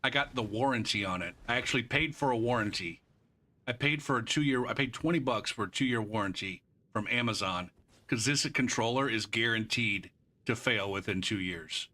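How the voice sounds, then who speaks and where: Bright-voiced man ranting angrily. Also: medium pitch, normal speed. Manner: frustrated profane ranting; rambling off-topic asides. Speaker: game streamer. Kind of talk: live gameplay commentary.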